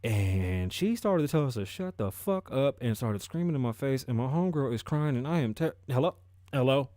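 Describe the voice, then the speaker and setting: A man's voice: medium pitch, lively intonation, normal speed, dark tone, no room sound, studio quality, lightly acted. A man voicing a panicked young man who keeps calling an emergency line, stammering and pleading for help.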